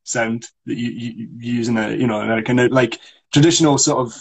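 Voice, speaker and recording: A man's voice: medium pitch, steady tone, fairly quick, creaky, husky. A Scottish man and actor co-hosting a podcast, chatting easily and rolling his R's. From Scotland. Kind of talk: casual chat.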